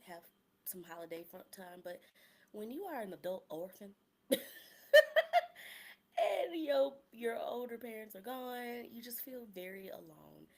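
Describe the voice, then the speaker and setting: A woman in her late thirties hosting a solo podcast, talking candidly in a chatty, slangy way that drops to soft murmurs and jumps to loud, excited bursts. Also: fairly low pitch, gravelly, slight background noise. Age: 30s. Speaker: podcast host. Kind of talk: casual solo podcast monologue.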